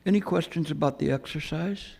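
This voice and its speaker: A meditation teacher giving a dharma talk into a microphone on a stand, in a reflective, halting storytelling manner with frequent restarts. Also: male voice, a little high, gravelly, darkish tone, big-room sound. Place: meditation center hall.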